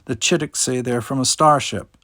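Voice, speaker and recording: A man's voice: mid-range voice, normal speed, no echo, studio quality. A man voicing a fawning giant insect servant who heaps praise on the king. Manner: flattering, fawning.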